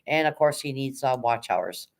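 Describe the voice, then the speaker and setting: A woman hosting a casual livestream, reading chat and cheering viewers on in a hyped, rapid auctioneer-like patter, swearing now and then. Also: a bass voice, lively intonation. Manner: chatty, encouraging, swears casually. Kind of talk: casual live-stream chat.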